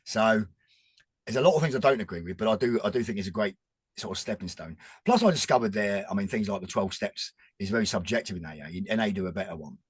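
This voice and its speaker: A man's voice: fairly low pitch, animated, quick pace, slightly rough, dry recording. A man, talking earnestly and rambling in a casual chat as a podcast guest. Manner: rambling, restarts often, earnest.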